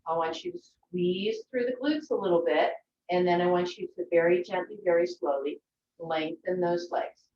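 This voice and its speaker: Gentle woman yoga teacher on a video call. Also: lowish voice, expressive, normal speed, a little hiss or hum. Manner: gentle, encouraging instructions. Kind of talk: guided yoga class. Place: her home. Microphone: video call from a distance. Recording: echoey, distant, dull video-call audio.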